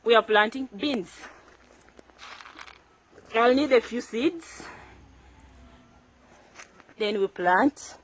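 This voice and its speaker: On her own channel, a farmer walks viewers through planting crops outdoors in a relaxed tutorial, repeating phrases while her hands stay busy and her tone stays cheerful and instructive. Her voice is fairly high, with drawn-out words and frequent pauses. The lo-fi recording sounds dull and carries a faint hiss or hum.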